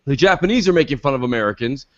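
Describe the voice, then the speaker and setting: A man co-hosting a gaming podcast, ranting loudly in profane casual chat, heard through dull lo-fi audio. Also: mid-range voice, expressive, rapid-fire. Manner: loud, ranting, swears a lot. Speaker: podcast co-host.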